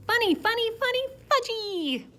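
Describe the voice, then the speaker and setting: A tiny toddler boy, as a woman reads him aloud in a storybook, squealing single words far above her own voice. He is loud and grabby, with pitch leaping around. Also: lively intonation, moderate pace, slight background noise. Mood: giggly. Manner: shrieky baby talk in short bursts.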